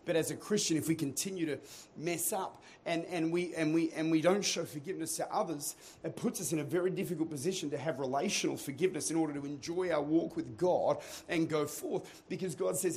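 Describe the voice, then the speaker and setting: High-voiced preacher. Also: male voice, brisk, a little hiss or hum. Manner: builds from quiet teaching to shouted preaching. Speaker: pastor. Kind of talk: sermon. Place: church auditorium.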